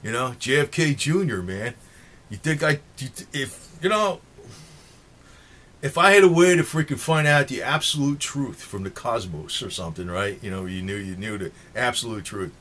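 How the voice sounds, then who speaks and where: A man's voice: mid-range voice, animated, moderate pace, fairly bright tone. A man with a New Jersey accent rambling in a monologue to his viewers, swearing freely and chuckling between points. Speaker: political vlogger.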